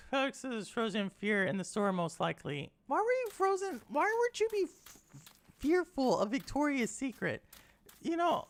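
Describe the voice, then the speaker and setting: Chatty woman streamer, gravelly and lively. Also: medium pitch. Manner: chatty, rambling, lots of "like", teasing chat. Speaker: gaming streamer. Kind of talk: casual gameplay chat.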